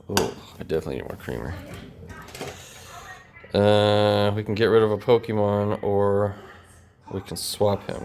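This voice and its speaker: A man casually commenting on his own card game, animated and self-mocking. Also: fairly low pitch, normal speed, pauses often, music in the background. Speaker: host, card game player.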